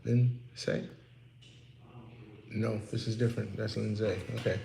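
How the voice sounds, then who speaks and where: A man's voice: on the low side, little pitch movement, measured pace, creaky, roomy sound, heavy background noise. A man working as a real estate investor, talking candidly and preaching a little to the listener, in a casual motivational talk from his office.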